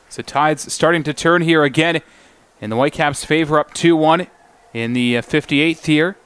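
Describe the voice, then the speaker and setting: A man's voice: fairly high pitch, fairly bright tone, clear, resonant tone. A man calling live women's football play-by-play, naming players as the action moves. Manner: brisk play-by-play calling names. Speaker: play-by-play commentator.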